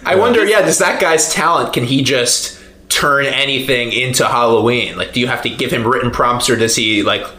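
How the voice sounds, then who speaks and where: A man's voice: medium pitch, moderate pace, sharp tone, a little hiss or hum. A man co-hosting a podcast, playful and musing aloud in casual chat. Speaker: podcast co-host. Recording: roomy echo.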